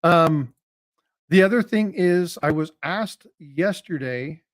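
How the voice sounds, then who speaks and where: Man with a drawl, friendly streamer chatting with his viewers, slightly high voice, dry sound. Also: animated, slow pace, no echo. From North Carolina. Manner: folksy, greets viewers by name, jokey. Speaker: livestream host. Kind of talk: casual livestream chat.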